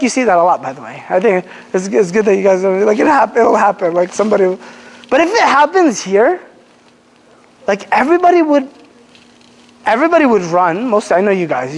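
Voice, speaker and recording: A very high-pitched man, an Islamic teacher, gives a youth group a casual religious lecture. He tells animated stories and acts out quotes, using many fillers and frequently restarting sentences. Long hall reverb surrounds his voice.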